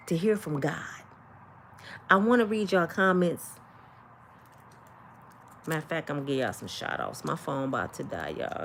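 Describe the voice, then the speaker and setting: An older woman, hosting a casual livestream and talking to her viewers with animated, preachy energy. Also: low-pitched, creaky, slight background noise. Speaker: livestream host.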